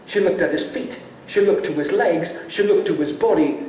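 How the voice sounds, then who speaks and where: A man telling a folk tale to a live college audience, animated and coaxing them to join in. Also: moderate pace. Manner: animated, leaps into high voices for characters, coaxes the audience to join in. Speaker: storyteller. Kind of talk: live oral storytelling with audience participation. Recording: very echoey hall, faint background noise.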